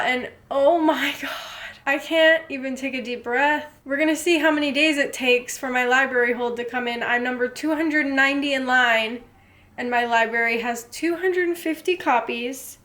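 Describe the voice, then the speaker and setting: A young woman talks straight to camera in a casual book vlog, her voice sitting high. She gushes and gets carried away easily, dropping swear words freely. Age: young adult. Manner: excitable, gushing, swears freely. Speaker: book vlogger.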